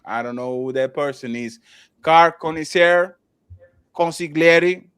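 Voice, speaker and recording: Stammering live-stream host, dry sound. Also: male voice, mid-range voice, normal speed, fairly bright tone, smooth, dry recording. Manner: loose and joking, stammers through restarts, thanks viewers by name. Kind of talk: casual live-stream chat.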